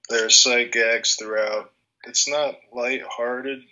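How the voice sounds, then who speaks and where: Man, podcast co-host, rambling, hesitant, slow delivery, flat intonation, dull lo-fi sound. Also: mid-range voice. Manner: rambling and hesitant, searches for words, uses many fillers. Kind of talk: casual podcast chat.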